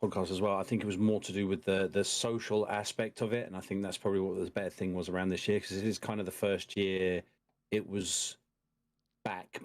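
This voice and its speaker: A man, a podcast co-host speaking in casual chat, measured and hesitant. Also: deep voice, flat delivery.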